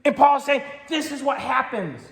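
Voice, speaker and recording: High-voiced man preaching in an echoey church. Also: animated, normal speed, creaky, fairly bright tone. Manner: conversational, joking, tells family stories. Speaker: pastor. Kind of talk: sermon. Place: church sanctuary. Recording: echoey church with long reverb.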